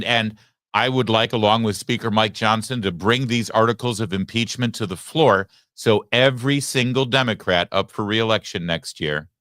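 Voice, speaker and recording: A man's voice: low-pitched, pushed and bright, dry recording, studio quality. A man hosting a live political commentary show, talking emphatically with sarcastic asides. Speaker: host.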